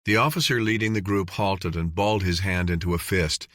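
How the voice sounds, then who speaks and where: A man narrating an audiobook in an even, measured reading. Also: low voice, no room sound, clean studio sound. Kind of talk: scripted narration.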